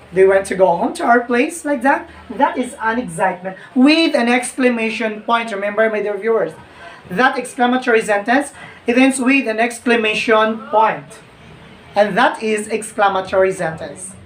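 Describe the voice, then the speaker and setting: A woman teacher with a fairly high voice walks her viewers through a grammar lesson. She often repeats phrases and calls out "my dear viewers". She sounds distant from the mic, in an echoey room with faint background noise.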